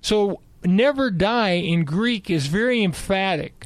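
A man explaining Bible passages in conversation, emphatic and animated. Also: high-pitched, slow pace, dry recording. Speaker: Bible teacher guest.

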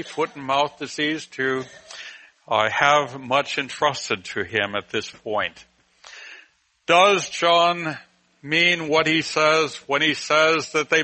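A man teaching a Bible class, explaining a passage slowly and deliberately with frequent pauses. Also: medium pitch, bright, forceful tone, poor audio.

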